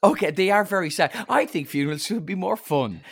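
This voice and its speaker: A man's voice: sits high, animated, fairly quick, creaky, husky, dry recording. A man co-hosting a podcast, telling anecdotes in a jokey, casual way and laughing at his own jokes. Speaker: podcast co-host. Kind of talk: casual chat.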